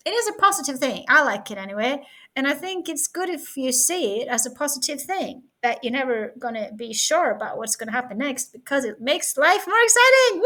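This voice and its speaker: Giggly high-voiced Norwegian woman. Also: bright, forceful tone. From Norway. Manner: playful, giggly, rambling. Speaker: vlogger. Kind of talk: casual vlog chat. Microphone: webcam.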